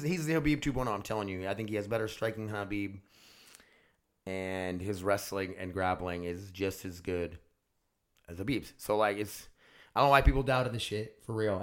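A young man talks into his own podcast mic with an average-pitched voice. He rambles freely and excitedly, and his speech is loose and sprinkled with swearing. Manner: casual, profane, excitable rambling. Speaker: podcast host. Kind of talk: rambling solo podcast chat.

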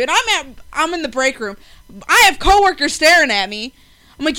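High, bright, excitable woman. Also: a little fast. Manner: excitable, swears freely. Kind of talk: casual chat.

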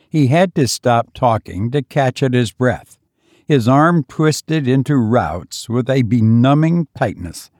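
A man giving measured, deliberate scripted audiobook narration on a close studio mic. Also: mid-range voice, a little mellow, no room sound.

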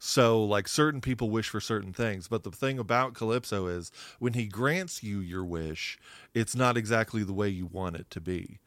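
A man with a low, smooth, resonant voice co-hosts a podcast in a casual chat, explaining at length with plenty of fillers and restarts. He is recorded dry and close, with no room echo. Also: moderate pace, a bit bright. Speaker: podcast co-host.

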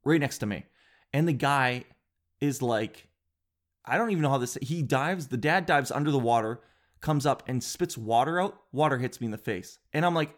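A man's voice: medium pitch, moderate pace. A man hosting a show, telling a rambling comic story in casual chat, full of fillers and restarts. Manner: rambling, animated, with filler words and self-interruptions.

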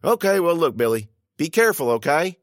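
A man puts on a teenage high school girl, pitched well up and pleading with lively swings. She is earnest and pushy, the voice dry and close. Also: a little fast, no room sound. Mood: urging. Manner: higher, eager and pleading.

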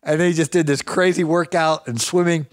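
Male podcast host, a bit high, energetic and chatty, close dry mic. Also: brisk, dry recording. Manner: chatty, energetic, chuckles often. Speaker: podcast host giving business advice. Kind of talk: casual motivational talk with anecdotes.

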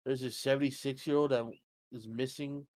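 This man co-hosts a podcast, chatting casually among friends in a rambling way and swearing freely. His voice is mid-range and darkish, with fairly even intonation at a normal speed.

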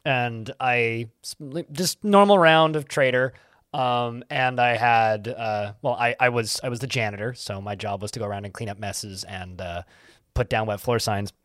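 A man in casual podcast chat about games, telling a story in a halting, wry way. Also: mid-range voice, a bit bright, no echo, clean studio sound. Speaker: podcast co-host.

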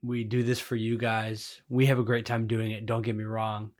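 A man's voice: lowish voice, completely flat delivery, normal speed. A man co-hosting a podcast, chatting casually and joking with his wife. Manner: joking, conversational. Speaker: podcast co-host. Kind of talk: casual chat.

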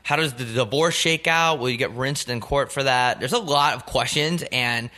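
A man's voice: mid-range voice, moderate pace, bright, forceful tone. A young man co-hosting a podcast, riffing in a crude, rambling, joking way with plenty of swearing. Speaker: podcast co-host. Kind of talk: casual comedic podcast chat.

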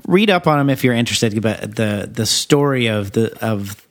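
A man's voice: lowish voice, lively intonation, moderate pace. A man co-hosting a podcast in casual chat, rambling and laughing often. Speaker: podcast co-host.

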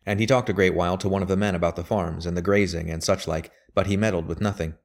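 A shrewd elderly lawyer with a very deep, grave voice, read by a man. He talks in measured, emphatic sentences. He sounds bitter and certain. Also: steady tone. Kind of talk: audiobook character voice.

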